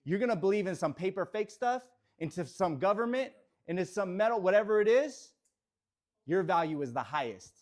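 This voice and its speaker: This high-pitched man talks a little fast as he motivates his real estate team in an office. His energy swings from quiet, reflective moments to shouted affirmations.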